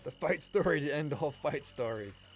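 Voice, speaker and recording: A young man with a slightly high voice streams live at a moderate pace, casually telling a story. He's animated and profane, swearing a lot and laughing often, with faint music playing underneath.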